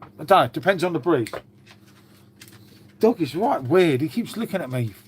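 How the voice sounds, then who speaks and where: A man's voice: a little high, animated, normal speed, slight background noise. A man hosting a casual livestream, chatting to viewers and swearing freely as he talks to his dog. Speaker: livestream host. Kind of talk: casual live chat with viewers.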